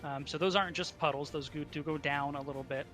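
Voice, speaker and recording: A man narrating as dungeon master, halting often with ums and uhs. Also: a little high, steady tone, fairly bright tone, soft background music. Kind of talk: narrating a tabletop game.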